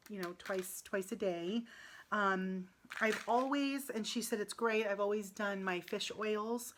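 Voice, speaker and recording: A woman in her late thirties speaks to the camera in a casual vlog. She sounds upset and close to tears, restarts her sentences often and fills the pauses with ums. Her voice sits at a middle pitch. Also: fairly bright tone. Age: 30s. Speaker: vlogger.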